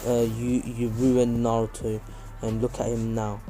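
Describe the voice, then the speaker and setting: A man voicing a protective adult ninja mentor in a fan story, quiet, low and firm. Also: monotone, a little slow, faint music behind, lightly acted.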